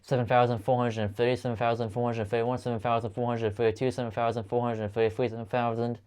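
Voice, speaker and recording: A man's voice: medium pitch, clean tone. A man counting aloud at length, stumbling and restarting often as he goes. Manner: rapid steady counting with frequent stumbles and restarts. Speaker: channel host counting aloud. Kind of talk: long monotone counting video.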